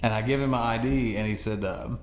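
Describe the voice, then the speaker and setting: A man co-hosting a podcast, telling a story in casual chat with animated delivery and frequent laughter. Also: medium pitch, brisk. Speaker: podcast co-host. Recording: echoey room, faint noise.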